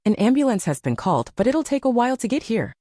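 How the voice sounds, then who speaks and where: A man's voice: very high-pitched, sing-song, quick pace, mellow, no echo, clean studio sound, voice pushed up, full character voice. A woman reading the lines of a harried male assistant in a storybook, explaining anxiously.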